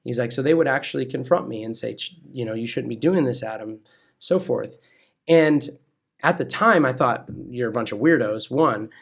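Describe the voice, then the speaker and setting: An American man, a pastor and coach, telling a personal faith story in a lively way, acting out quoted dialogue and then preaching. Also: mid-range voice, normal speed, vocal fry. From California. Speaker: pastor and wrestling coach, guest.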